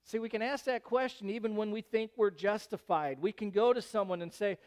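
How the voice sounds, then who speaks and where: A male pastor preaching a sermon in an animated way, rising into loud, emphatic bursts. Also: sits high, a little fast, smooth.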